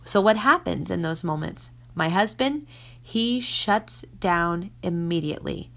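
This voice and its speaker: A woman, a mother of six, giving casual faith-based advice in an earnest way, sometimes dropping to a soft whisper for emphasis. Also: lowish voice, lively intonation, unhurried, gravelly. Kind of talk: casual Christian teaching talk.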